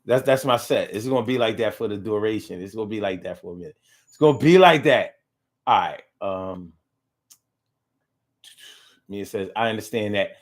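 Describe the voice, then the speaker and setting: A middle-aged man hosting a casual live talk show, reading viewer comments aloud in an animated, playful way that swings from low drawls to loud bursts. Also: normal speed, long pauses.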